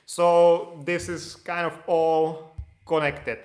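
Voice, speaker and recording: A man's voice: fairly high pitch, level tone, slow, a little mellow, echoey room. A man answering viewer questions in a casual, loose explanatory way, with restarts. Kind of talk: casual Q&A livestream.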